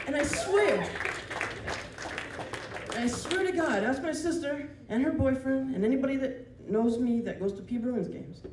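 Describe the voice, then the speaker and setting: A male comedian on stage, telling a story in a loose, rambling way and laughing at his own lines as he goes. His pitch swings a lot while he talks. The sound is distant and roomy, with clear crowd laughter and room noise underneath. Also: a little slow. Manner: rambling, animated, often laughing mid-sentence; self-interrupting with restarts and asides. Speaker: stand-up comedian. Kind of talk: live stand-up storytelling. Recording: roomy venue taped from afar. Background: audience laughter and room noise.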